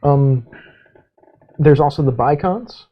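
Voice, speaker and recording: A man's voice: on the high side, slow pace, husky. A man hosting a podcast in casual chat, rambling easily with fillers. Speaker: podcast host. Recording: dull lo-fi sound.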